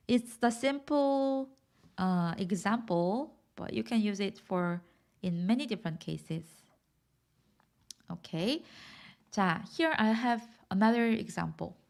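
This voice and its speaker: Lively, patient Korean-accented woman teacher. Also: mid-range voice. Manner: patient, asks questions and repeats examples. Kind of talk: explaining grammar to learners.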